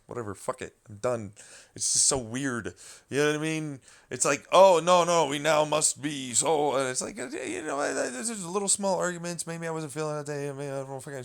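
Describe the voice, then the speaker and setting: A man in the middle of a loose vlog rant, his voice sitting at an ordinary middle pitch. He rambles and doubles back, swears constantly, and sounds worn out with the whole subject. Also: fast talker. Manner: rambling, profane, exasperated. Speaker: vlogger. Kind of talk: casual rant commentary.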